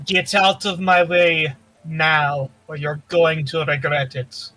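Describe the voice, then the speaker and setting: A man's voice: a little high, little pitch movement, takes it slowly, pushed and bright, poor audio. A man voicing a stern young woman adventurer who speaks curtly and threateningly. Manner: curt, threatening.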